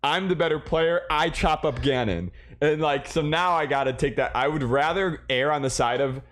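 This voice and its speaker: A man's voice: fairly high pitch, normal speed. A man co-hosting a casual gaming podcast, telling stories with lots of swearing and restarts. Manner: animated storytelling, swearing, frequent restarts. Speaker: podcast co-host.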